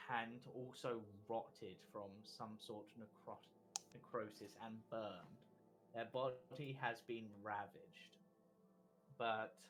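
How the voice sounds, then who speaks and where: A man narrating as game master of a tabletop game, in measured, descriptive narration with small restarts. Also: medium pitch, poor audio.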